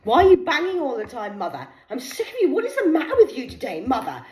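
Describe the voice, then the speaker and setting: A woman's voice: sits high, huge pitch swings, fast, darkish tone, reverberant, slight background noise, pitched above the performer's own voice. A woman putting on a whiny, nagging teenage daughter. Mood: exasperated. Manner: whiny, scolding. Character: exasperated teenage daughter nagging her mum.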